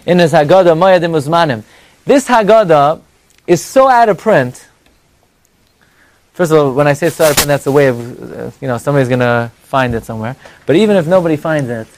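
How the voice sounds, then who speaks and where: A man teaching an evening religious class to a live audience. He talks in an animated, conversational way, with rhetorical questions and mock dialogue, and he swings between high exclamations and low asides. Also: no room sound.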